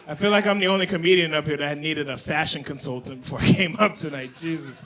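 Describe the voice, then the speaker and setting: A man doing a stand-up set with loud crowd work and self-deprecating jokes. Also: fairly high pitch, fast talker, few pauses. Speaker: stand-up comedian. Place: comedy bar stage, indoors.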